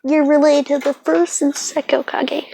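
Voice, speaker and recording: A woman voicing a brisk older woman ninja leader who speaks matter-of-factly. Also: sits high, level tone, vocal fry, dark tone, no echo. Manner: matter-of-fact.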